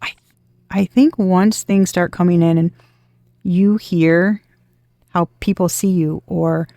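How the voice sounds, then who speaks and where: Gravelly-voiced woman giving an emphatic tarot reading. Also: lowish voice, steady tone, slow, mellow, dry recording, clean studio sound. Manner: emphatic, repetitive, swears freely. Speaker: tarot reader. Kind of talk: casual tarot reading to the collective.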